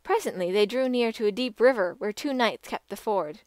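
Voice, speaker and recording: A woman narrating an old legend as an audiobook, in a measured and expressive manner. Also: on the high side, no echo. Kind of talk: scripted storytelling narration.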